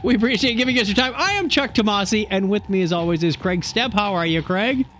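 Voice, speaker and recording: Jokey guy hosting a podcast, voice jumps all over, kinda high, faint music under it. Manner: jokey, animated, quick to laugh. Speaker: podcast host. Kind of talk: casual podcast chat. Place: podcast studio.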